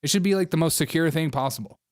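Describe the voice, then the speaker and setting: A man's voice: a little high, quick pace, darkish tone, no room sound, clean studio sound. Sarcastic, laughing male commentary host. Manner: sarcastic, laughs often between remarks. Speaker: host of a political commentary show. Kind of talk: casual reaction commentary.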